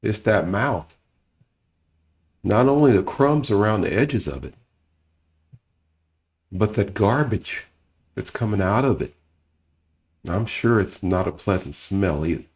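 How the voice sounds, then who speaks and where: A man giving sarcastic, scolding reaction commentary with a gravelly voice. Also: fairly low pitch, lively intonation, takes it slowly, pauses often, darkish tone.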